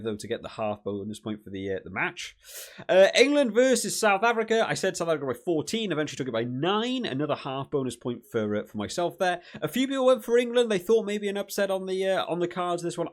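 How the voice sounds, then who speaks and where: A young man hosting a rugby channel, talking casually through rankings and prediction results with lots of fillers and small laughs. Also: on the high side. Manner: chatty, laughs between points, lots of fillers.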